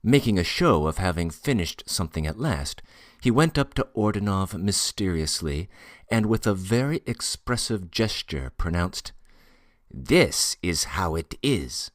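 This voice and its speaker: A man narrating a classic novel with a lowish voice and an expressive, rising-and-falling delivery. He reads slowly and deliberately into a close mic. The recording is dry, with no room sound. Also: dry recording. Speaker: audiobook narrator. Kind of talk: scripted narration.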